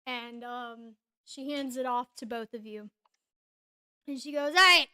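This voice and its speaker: A woman's voice: on the high side, steady tone, a little slow, slight background noise. A woman narrating a tabletop game as game master, casual and rambling with fillers.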